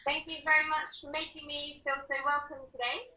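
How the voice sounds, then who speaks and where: A woman from the UK with a British accent, speaking politely and measured as a co-host in a casual group chat over a video call. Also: high-pitched, little pitch movement, bright, forceful tone, echoey room. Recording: distant from the mic.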